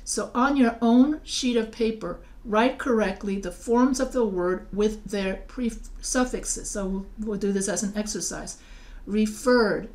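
A woman's voice: mid-range voice, darkish tone. A woman teaching writing, explaining spelling rules patiently, often restarting and spelling words out letter by letter. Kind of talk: recorded lecture over slides.

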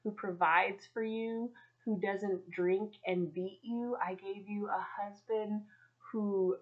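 A woman voicing God as a soft, lovingly patient presence gently correcting her. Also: medium pitch, lively intonation, unhurried, muffled recording, close to an everyday voice. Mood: gently reproving.

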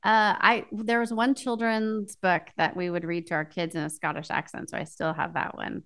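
A woman's voice: on the low side, little pitch movement, moderate pace, fairly bright tone, clean tone. A woman author being interviewed, explaining ideas thoughtfully with many fillers. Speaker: author and guest. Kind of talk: casual interview chat.

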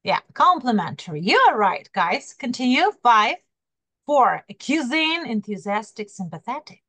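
A woman's voice: on the high side, sing-song, normal speed, fairly bright tone, no echo. A woman teaching an English class online over a video call, coaxing her students and calling on them by name while repeating key words.

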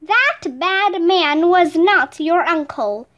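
A woman's voice: very high-pitched, animated, slow pace, a bit bright, full character voice. A woman voicing a poor, fretful mother in a read-aloud storybook, pleading and fussing. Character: poor hard-working mother, fretful and hopeful.

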